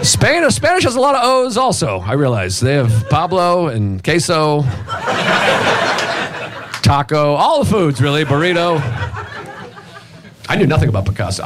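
A man performing a stand-up comedy set with deadpan, animated storytelling. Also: a little high, moderate pace, long pauses. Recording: loud background noise. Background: audience laughter.

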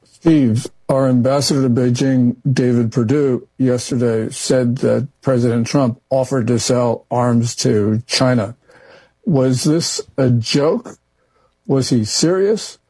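A man asking probing interview questions in a steady questioning manner. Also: mid-range voice, takes it slowly, slightly rough, no room sound, rough recording.

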